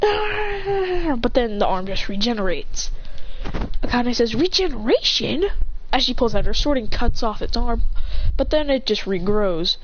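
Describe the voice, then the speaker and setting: A woman's voice: on the high side, normal speed, slight background noise. A woman improvising a story aloud, rambling along and often correcting herself mid-sentence. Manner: rambling, frequent self-corrections. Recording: muffled lo-fi recording.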